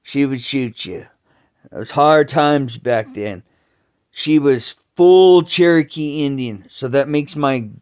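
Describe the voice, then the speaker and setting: Guy rambling about his family, real slow, smooth clear voice, keeps restarting, swears a lot. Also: medium pitch. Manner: slow, halting, with many restarts and cursing.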